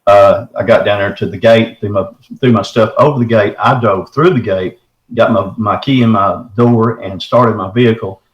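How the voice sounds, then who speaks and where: A man's voice: fairly low pitch, moderate pace, dull audio. Folksy man, roomy echo. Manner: folksy, says "man" often, animated retelling. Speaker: guest telling his encounter. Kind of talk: casual first-person storytelling.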